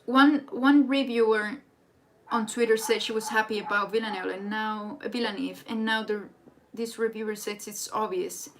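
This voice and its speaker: A young woman, a native Spanish speaker, hosting a casual live chat in an excitable, rambling way. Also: medium pitch, moderate pace, a little hiss or hum. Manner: excitable and rambling, with frequent restarts. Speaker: livestream host. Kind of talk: casual live chat reading viewer comments.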